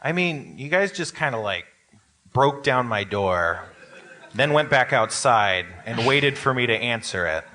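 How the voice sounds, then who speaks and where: A man's voice: mid-range voice, lively intonation, measured pace, bright, forceful tone. A man voicing a startled village woman in a live tabletop game, answering in an offhand, casual way. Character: startled young village woman, blunt and easygoing.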